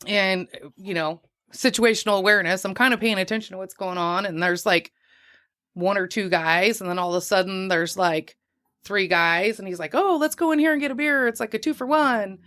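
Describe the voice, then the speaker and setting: A woman's voice: medium pitch, normal speed. A woman telling a rambling, profane anecdote as a guest on a casual podcast in a crowded small office. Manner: profane, lively anecdote teller. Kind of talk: casual storytelling.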